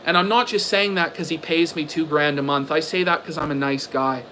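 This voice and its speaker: A man with a notably high voice delivers an angry livestream rant, profane and sarcastic. He repeats himself and throws out rhetorical questions in a combative way. A faint background hiss sits under the voice. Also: a little fast, pushed and bright, poor audio. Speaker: livestream commentator. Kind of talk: ranting stream commentary.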